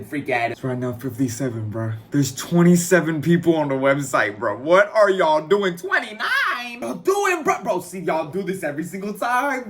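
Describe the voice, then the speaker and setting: A young man, a clothing brand owner, chatting casually to his viewers in a slangy vlog. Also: mid-range voice. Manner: relaxed, slangy, talks straight to viewers.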